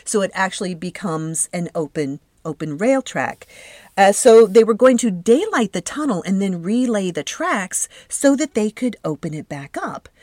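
A woman's voice: medium pitch, big pitch swings, normal speed, darkish tone, no echo, clean studio sound. A woman hosting a solo podcast, telling a story in a chatty, enthusiastic way with casual fillers. She is from Southern California. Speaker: podcast host.

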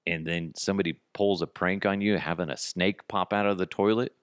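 A man's voice: low-pitched, moderate pace, no room sound, clean studio sound. A man hosting a podcast, in a casual comic monologue full of swearing and jokey asides. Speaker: podcast host.

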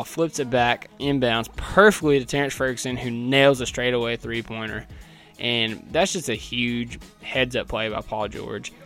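A man talks through a basketball game recap from his notes, chatty and wry, with a voice that is not deep. His pitch sits in the middle for a man, and faint music plays in the background. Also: fairly bright tone.

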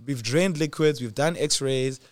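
A man's voice: mid-range voice, a little slow, dry recording. A young man telling a personal story in casual talk, laughing often and acting out the people in it. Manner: animated, laughs often, acts out doctors' lines. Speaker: host.

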